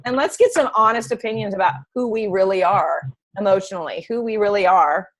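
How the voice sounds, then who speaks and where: A middle-aged woman training health coaches in a casual call, chatty and animated, telling anecdotes. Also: medium pitch, brisk, rough recording.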